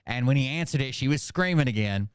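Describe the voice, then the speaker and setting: A man's voice: medium pitch, fast, smooth, dry recording. Middle-aged man, casual profane storyteller, clean resonant voice, dry close sound. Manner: animated, profane, laughs at his own stories. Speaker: host.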